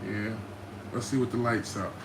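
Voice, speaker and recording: A man's voice: on the low side, level tone, normal speed, background noise. A man hosting a casual livestream, joking around and hyping up his viewers. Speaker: livestream host. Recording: roomy room with faint ambience.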